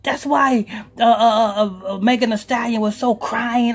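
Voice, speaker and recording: A man's voice: extremely high pitch, lively intonation, normal speed. A man hosting a talk radio show as pastor, ranting emphatically with profanity.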